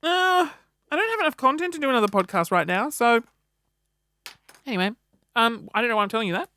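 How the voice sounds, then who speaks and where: A man's voice: very high voice, big pitch swings, a little fast, pauses often, pushed and bright. An Australian man hosting a casual solo podcast, chatty and self-mocking. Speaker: podcast host.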